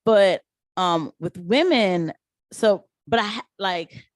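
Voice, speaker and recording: Animated woman telling nurse stories. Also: mid-range voice, takes it slowly, no room sound, studio quality. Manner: animated storytelling with quoted voices. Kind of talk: casual commentary vlog.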